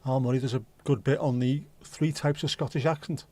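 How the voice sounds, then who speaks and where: A man's voice: medium pitch, fairly even intonation, brisk, darkish tone. Chatty man hosting a livestream. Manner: chatty, rambling, swears casually. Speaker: livestream host. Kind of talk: casual chat reading viewer comments.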